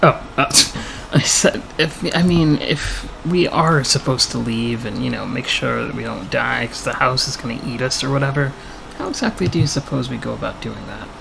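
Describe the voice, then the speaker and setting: A man's voice: medium pitch, expressive, moderate pace, creaky. A man playing a tabletop role-playing game, speaking hesitantly in character. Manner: hesitant, full of fillers. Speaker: player. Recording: noisy background.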